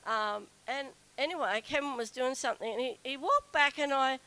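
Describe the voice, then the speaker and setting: Bright, chatty woman storyteller. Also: normal speed, low-quality recording. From Australia. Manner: chatty, animated, acts out quoted whining in a high voice. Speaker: speaker telling a story to a group. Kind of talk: personal anecdote to an audience.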